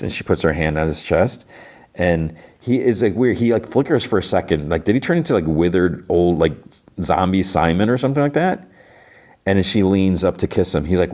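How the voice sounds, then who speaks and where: Very low-voiced man recapping casually. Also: a little mellow. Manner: loose, filler-heavy retelling with quick voiced quotes. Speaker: podcast host recapping an episode.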